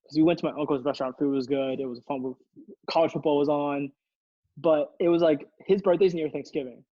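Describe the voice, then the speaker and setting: A man's voice: a little high, fairly even intonation, brisk, warm tone, no room sound, lo-fi sound. Rambling young man telling a story. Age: young adult. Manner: rambling, laughing storyteller with many restarts. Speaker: podcast co-host. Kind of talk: casual storytelling chat.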